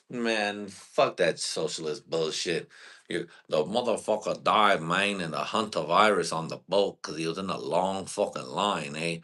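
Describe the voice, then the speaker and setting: A man's voice: deep voice, moderate pace, fairly bright tone. A man hosting his own live stream, rambling through profane comedy bits and trailing off into "you know?". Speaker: host.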